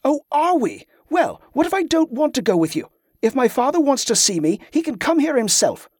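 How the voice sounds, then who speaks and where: A man reading aloud, voicing an angry, defiant teenage boy who speaks in a sharp, bitter way. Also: high voice, expressive, moderate pace, no echo, clean studio sound.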